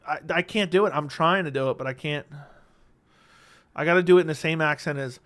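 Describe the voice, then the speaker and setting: Speaking at a quick pace, a livestream host with a slightly high, fairly bright voice reads out messages from viewers. The stream is casual and laid-back, with plenty of swearing. He uses a studio dynamic mic at home.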